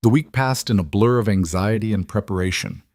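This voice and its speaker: A man giving a scripted narration of a romance story in a steady, even way. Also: on the low side, fairly quick, no echo, studio quality.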